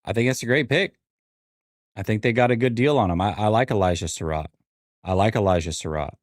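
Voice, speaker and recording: A man's voice: lowish voice, brisk, no echo, studio quality. Rambling man hosting a sports stream. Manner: rambling, repeats himself, wry asides. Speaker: sports show host. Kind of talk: casual live-stream draft reaction.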